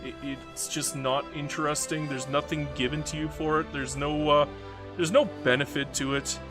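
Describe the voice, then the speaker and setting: A man's voice: a little high, little pitch movement, moderate pace, music in the background. A man casually commenting on a strategy game while streaming, rambling, mocking himself and reading chat messages aloud.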